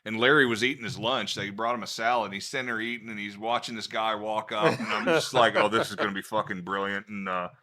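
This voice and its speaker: A man hosting a podcast, chatting casually and telling stories with lively animation and plenty of swearing. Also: fairly low pitch, fairly quick, few pauses. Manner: animated storyteller, swears freely. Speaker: podcast host. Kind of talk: casual chat.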